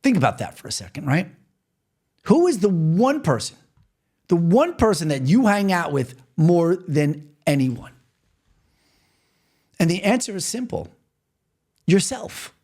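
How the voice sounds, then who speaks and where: A man's voice: sits high, very animated, unhurried, pauses often, darkish tone. A man from New York hosting a podcast, talking earnestly and repetitively straight to the listener in a motivational monologue. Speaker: podcast host.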